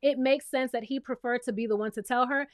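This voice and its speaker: A woman's voice: sits high, steady tone, brisk, clean tone, no echo, studio quality. A woman giving a sassy, playful casual commentary recap of a reality show, talking straight to the viewer.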